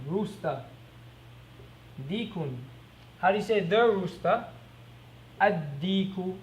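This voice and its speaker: A man teaching an Arabic lesson, repeating each word slowly and asking quick rhetorical questions as he writes on a board. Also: high voice, slight background noise. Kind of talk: recorded classroom lesson.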